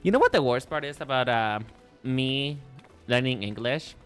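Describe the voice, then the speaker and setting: Mexican-accented man chatting with lively pitch. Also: normal speed, clear, resonant tone. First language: Spanish. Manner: playful, rambling with many restarts. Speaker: streamer. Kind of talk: casual live-stream chat. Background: faint music.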